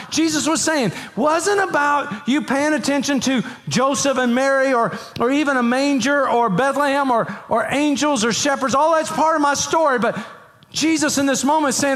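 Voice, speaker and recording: A man's voice: extremely high pitch, normal speed, a bit bright. A man, a pastor, preaching an emphatic sermon and leading the congregation to read verses aloud with him. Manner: emphatic, repeats phrases, leads the congregation to read along. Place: church sanctuary. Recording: long reverb of a large hall.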